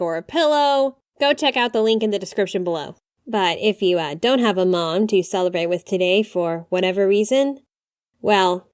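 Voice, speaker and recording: A young woman hosting a podcast, talking in a chatty, animated way with quick apologies and asides. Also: a little high, dry recording, clean studio sound. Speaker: podcast host. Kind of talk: casual podcast monologue.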